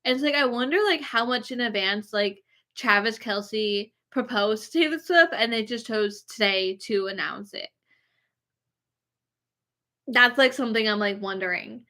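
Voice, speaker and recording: A woman's voice: a little high, measured pace, bright, forceful tone. A woman vlogger chatting casually and rambling, with lots of fillers. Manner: gushing, filler-heavy, rambling. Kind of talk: casual chat.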